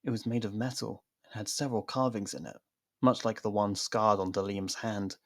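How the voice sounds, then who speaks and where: A man's voice: on the low side, moderate pace, no echo, studio quality. A man narrating a fan-made science fiction story and reading every character's lines. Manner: reads all parts, lively character voices. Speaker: narrator and audiobook-style reader. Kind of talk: scripted narration of a fan audio drama.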